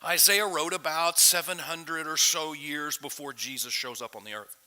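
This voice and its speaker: A man preaching a sermon in a casual, conversational way, restarting phrases and swinging from loud emphasis to quiet asides. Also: fairly high pitch, moderate pace. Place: church sanctuary. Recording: long reverb of a church hall.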